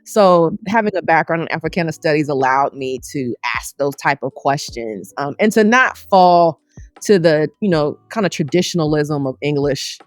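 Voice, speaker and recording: A woman's voice: deep voice, lively intonation, normal speed, dry recording. A middle-aged woman with a Southern US accent, a scholar talking casually and colloquially in an interview, with self-aware humor. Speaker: scholar guest.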